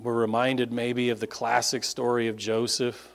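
A man, a pastor preaching a sermon, stressing words with sudden high lifts and then dropping low. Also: level tone, moderate pace, gravelly. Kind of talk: closes in prayer.

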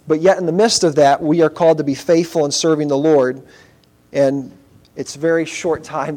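A man's voice: a little high, darkish tone. A man preaching a sermon in an earnest, conversational way, with asides to the congregation. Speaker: pastor.

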